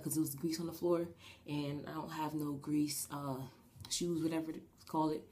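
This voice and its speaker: A woman's voice: sits low, little pitch movement, moderate pace, mellow, slight background noise. A young woman with a New Jersey accent, telling a story in a casual vlog, rambling with lots of fillers and restarts. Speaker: vlogger.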